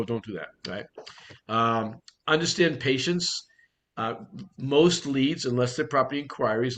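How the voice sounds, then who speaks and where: A man's voice: mid-range voice, fairly bright tone. A middle-aged man with a Boston accent, giving a blunt, direct online coaching talk to real estate agents and repeating his key points. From Boston area.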